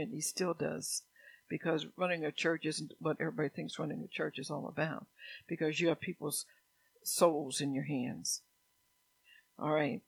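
A man's voice: a little high, vocal fry, slightly rough. A man pastor preaching a conversational sermon, repeating key lines, checking in with "all right?" and rising to emphatic exhortation. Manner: grows louder and more emphatic when exhorting.

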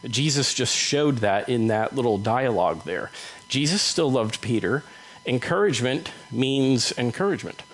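A man delivering a sermon in a relaxed, conversational manner, at an ordinary middle pitch. He talks the scripture through plainly and briefly voices the people in it. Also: poor audio. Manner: conversational, acts out Bible dialogue in quick voices. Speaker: preacher.

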